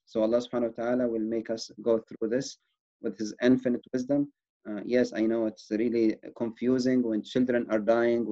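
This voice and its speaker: Man, quick and mellow, earnest reassuring presenter, muffled lo-fi audio. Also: medium pitch. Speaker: wellness presenter. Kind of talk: educational talk. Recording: dull lo-fi recording.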